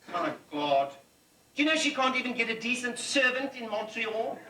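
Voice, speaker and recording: A man's voice: high voice, background noise. A man performing a snobbish, rich Johannesburg lady of leisure with a South African accent as stand-up character comedy, haughty and complaining. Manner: haughty, complaining, deadpan punchlines. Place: comedy club stage. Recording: roomy club sound from a distant mic.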